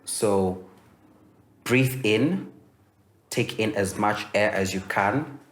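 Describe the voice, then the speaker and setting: A young man from Kenya teaching voice-over in a relaxed, explanatory way, with many fillers and restarts. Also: fairly low pitch, very slow. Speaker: voice-over coach. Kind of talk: instructional masterclass.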